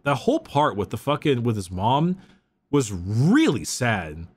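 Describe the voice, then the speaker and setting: Young male co-host, mid pitch, casual book chat, stammers and restarts. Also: a little slow, slightly rough. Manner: relaxed, stammery restarts, recounts scenes with quoted lines. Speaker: podcast co-host.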